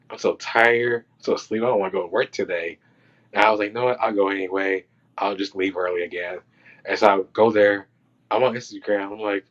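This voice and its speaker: A man who works on film crews appears as a podcast guest, casually telling stories from set and acting out quotes and reactions. His voice sits on the low side, with a steady, fairly bright tone and a fairly quick pace. The recording sounds dull and lo-fi.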